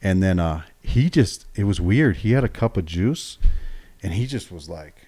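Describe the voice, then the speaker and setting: Middle-aged man, low-ish voice, swearing, lively storyteller who voices the people in his anecdote. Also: moderate pace, husky. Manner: profane, animated, acts out quoted dialogue. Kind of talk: casual storytelling on a podcast.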